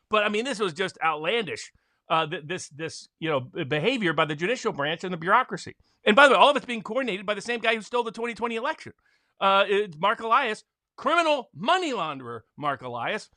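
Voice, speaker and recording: A man, a constitutional attorney, co-hosting animated political commentary in a forceful, ranting manner. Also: high voice, no room sound. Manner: forceful, ranting, mocking quotes.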